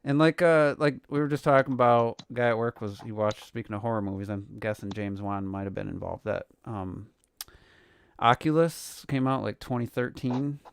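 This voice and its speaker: A man's voice: mid-range voice, normal speed, gravelly, clear, resonant tone, no echo. A man co-hosting a casual podcast chat, rambling with fillers and asides. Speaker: podcast co-host.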